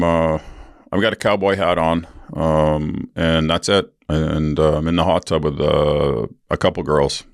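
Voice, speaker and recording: A man's voice: a bass voice, dry recording, clean studio sound. A man hosting a podcast tells a story casually, rambling with lots of fillers and swearing, and acts out other people's lines in a raised voice. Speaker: podcast host.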